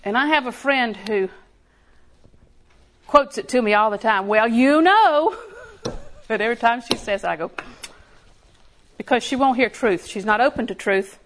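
High-voiced woman preaching. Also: normal speed, long pauses, fairly bright tone, slight background noise. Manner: conversational, laughs often, rising emphasis on key lines. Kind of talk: sermon.

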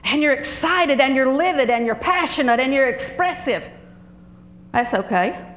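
An older woman preaching a sermon, animated and humorous, telling stories with frequent laughter. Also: high-pitched, moderate pace, roomy sound, rough recording.

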